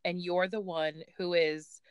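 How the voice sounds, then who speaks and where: A woman's voice: fairly low pitch, level tone, a little slow, clean tone, dry recording, studio quality. A woman hosting a casual conversation, listening closely and agreeing often as she talks. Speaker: host.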